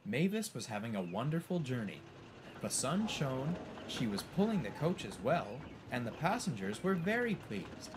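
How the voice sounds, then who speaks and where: A man narrates a storybook in an expressive, animated way. His voice sits at a middling pitch and rises and falls constantly. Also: normal speed, background noise.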